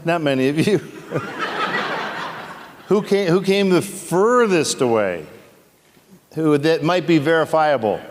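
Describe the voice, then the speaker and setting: An actor on a convention panel, a man joking and teasing audience members in playful, quick asides. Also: a little high, slight background noise. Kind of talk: comedic Q&A banter with the audience. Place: convention hall. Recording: echoey convention hall.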